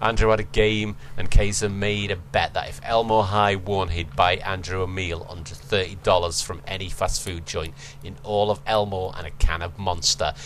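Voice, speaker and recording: A man's voice: low voice, little pitch movement, moderate pace, hardly any pauses, fairly bright tone, slight background noise. A male podcast host reading fan fiction aloud, laughing, swearing and stopping to mock the text.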